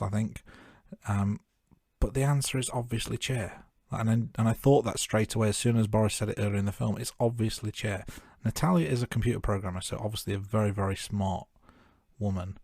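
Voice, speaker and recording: A man's voice: on the low side, normal speed, creaky, a little mellow, no room sound. Joking man, dry close sound. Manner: joking, chatty, laughs at own remarks. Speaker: podcast co-host. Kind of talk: casual film-review chat.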